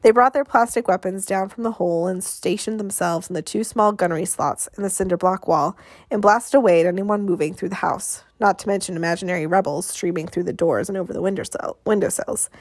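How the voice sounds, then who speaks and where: A woman narrating an audiobook in a measured, expressive way, with dramatic pauses. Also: medium pitch, no room sound, clean studio sound.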